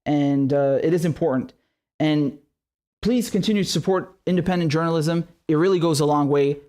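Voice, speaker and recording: A man's voice: on the high side, moderate pace, mellow. A man hosting his own independent news show, thanking his viewers in a casual, earnest way while running short on sleep. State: tired from lack of sleep. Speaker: independent journalist host. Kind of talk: casual direct-to-camera outro.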